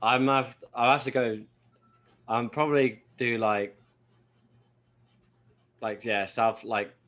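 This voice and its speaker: A man's voice: mid-range voice, steady tone, takes it slowly, a bit bright. A man on a podcast rambling in casual chat, full of filler words and swearing. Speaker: podcast co-host.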